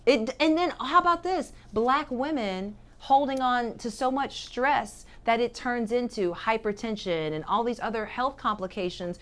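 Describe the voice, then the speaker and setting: A middle-aged woman hosting a casual chat, expressive and supportive, chiming in often. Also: a little high, measured pace, hardly any pauses. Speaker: host.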